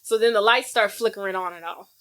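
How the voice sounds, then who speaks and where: A woman co-hosting a podcast, casually retelling a film's plot in slang-filled, animated chat. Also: medium pitch, fast. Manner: animated storytelling with acted-out quotes. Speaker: podcast co-host. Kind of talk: casual movie recap chat.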